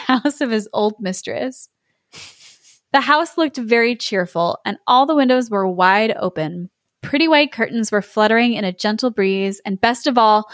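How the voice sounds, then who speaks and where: A young woman reads a folk tale aloud on a podcast, lively and quick to chuckle. Her voice sits a bit high and is recorded close and dry. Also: no room sound. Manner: lively, laughs between lines. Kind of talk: storytelling read-aloud with chat.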